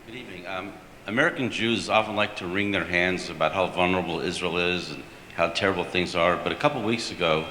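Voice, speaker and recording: Deep-voiced man asking from the floor. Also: fairly even intonation, a little fast, bright, forceful tone. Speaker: audience member asking a question. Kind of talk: question from the floor. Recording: roomy hall with faint hiss.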